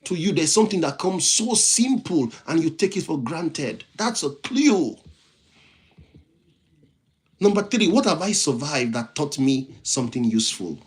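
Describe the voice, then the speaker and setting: A man's voice: on the high side, very animated, a little slow. A man with a non-native English accent hosting a motivational livestream, preaching in repeated phrases and thanking viewers by name. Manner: reads viewer comments and thanks them by name. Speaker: livestream host, motivational speaker.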